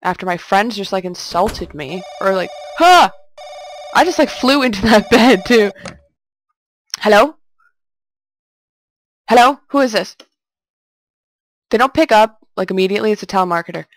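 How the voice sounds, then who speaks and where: A woman's voice: mid-range voice, animated, moderate pace, pauses often, a little hiss or hum. A young woman casually commenting on a game she is playing, reading its text aloud and joking as she goes. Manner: jokey, chatty, talks to herself. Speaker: let's play host.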